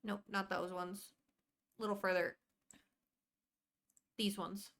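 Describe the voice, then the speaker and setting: Woman streamer, casual and chatty, mid-pitched voice, greets her chat while she plays. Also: level tone, takes it slowly. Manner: chatty, rambling, warmly greets viewers by name. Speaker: live streamer.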